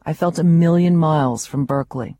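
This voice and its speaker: A woman's voice: low voice, fairly quick, dark tone, no echo. A woman author reading her memoir aloud, with wry, vivid storytelling.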